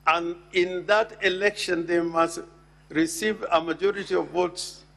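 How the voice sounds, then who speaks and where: A man argues formally before a Senate chamber in a high voice. He speaks slowly and deliberately, leaning on each word he stresses. His voice has a gravelly edge. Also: fairly even intonation, a bit bright. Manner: deliberate, emphatic, reads legal text aloud. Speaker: counsel addressing the Senate. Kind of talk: formal legal address.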